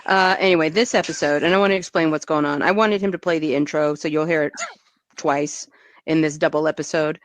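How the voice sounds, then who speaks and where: Deadpan woman hosting a podcast. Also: low-pitched, brisk, dry recording. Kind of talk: casual chat.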